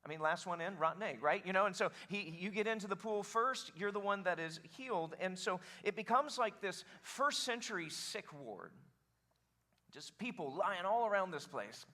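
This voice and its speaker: Guy pastor preaching, kinda high voice, joking around, gets the crowd to say stuff back. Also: moderate pace. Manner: animated, joking, calls for congregation response. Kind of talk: sermon.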